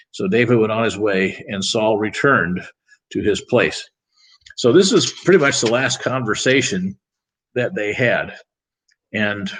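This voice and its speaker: Leading a Bible study at church, this man speaks with a fairly low, slightly bright voice over poor audio. His pattern is to read the verses aloud and then restate them in simple, casual terms.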